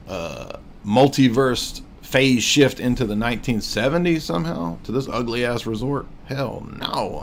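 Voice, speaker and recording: Mocking, rambling livestream host man. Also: medium pitch. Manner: mocking, joking, rambling with restarts. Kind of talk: casual livestream commentary.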